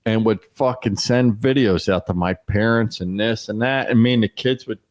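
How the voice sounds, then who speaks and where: Profane, animated man telling stories. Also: lowish voice, normal speed. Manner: profane, animated storyteller who acts out voices. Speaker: podcast co-host; former youth football coach. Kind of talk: casual chat, storytelling.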